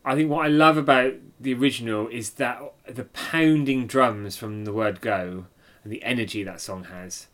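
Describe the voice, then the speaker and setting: A man hosting a casual album review chat, easygoing and presenter-like, often pausing on fillers. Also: mid-range voice, a bit bright. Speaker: podcast host.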